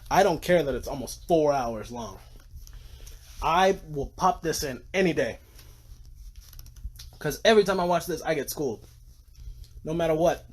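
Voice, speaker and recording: A man's voice: on the high side, slightly rough. A sleep-deprived man livestreaming from a room at home on his phone, gushing and rambling about movies and swearing freely. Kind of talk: casual livestream rant.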